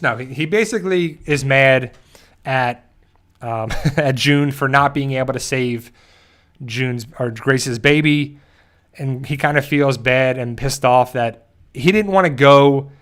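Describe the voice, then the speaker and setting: A man hosting a channel, casually recapping an episode in a rambling way and briefly acting out the characters' lines. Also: medium pitch. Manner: rambling, with frequent restarts and quick acted-out quotes. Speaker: show host.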